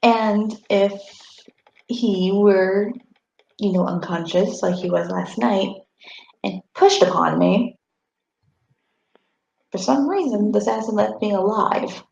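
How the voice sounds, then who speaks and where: A woman voicing a calm, wry female elf traveler at a tabletop game, speaking in a measured, polite way. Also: medium pitch, vocal fry. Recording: echoey room, muffled mic.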